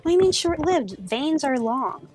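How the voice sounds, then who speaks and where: A woman voicing a dwarven innkeeper woman, brisk and exasperated. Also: high voice, sing-song, darkish tone, soft background music, pitched above the performer's own voice. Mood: nosy.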